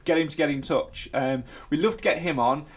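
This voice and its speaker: A man, a little high in pitch, chats on a podcast with a couple's easy rapport. He talks in an animated, jokey way and swings into bigger bursts of energy. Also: brisk. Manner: animated, jokey, bursts into sung tunes and mock shouts. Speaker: podcast co-host. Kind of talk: casual chat.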